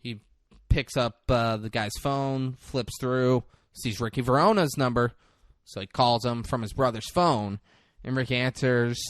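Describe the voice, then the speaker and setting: A man co-hosting a podcast, recapping a movie in a crude, animated way and acting out the characters' lines. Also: medium pitch, a little slow, no room sound, clean studio sound. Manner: crude, animated retelling with acted-out quotes. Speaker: podcast co-host. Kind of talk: casual movie recap chat.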